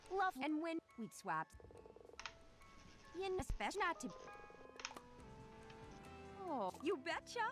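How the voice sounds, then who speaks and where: A bold, tough little egg creature with a folksy drawl. Her voice sits very high and swings widely over drawn-out words. Game music plays behind her. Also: full character voice. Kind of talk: video game voice acting.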